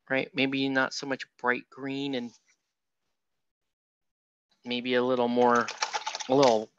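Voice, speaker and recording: A man's voice: medium pitch, gravelly, fairly bright tone, no room sound, highs cut off. A man who streams himself painting miniatures, chatting casually and rambling with self-mocking asides to his viewers. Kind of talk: casual livestream painting tutorial.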